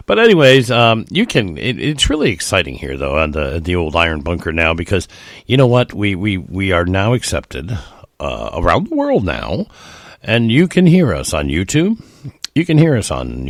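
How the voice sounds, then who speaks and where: A man's voice: low-pitched, no room sound, clean studio sound. A middle-aged man hosting a casual solo podcast, rambling and chuckling with lots of fillers. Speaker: podcast host.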